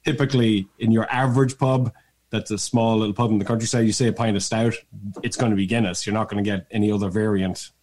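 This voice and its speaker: A man from Ireland whose Irish accent has faded after years in America, telling stories in a relaxed, joking way as a podcast guest. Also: lowish voice, quick pace. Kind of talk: casual interview chat.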